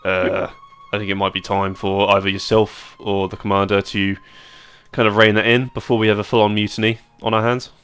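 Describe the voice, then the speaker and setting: A man narrating as game master of a tabletop game, relaxed and descriptive. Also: on the low side, brisk, clean tone.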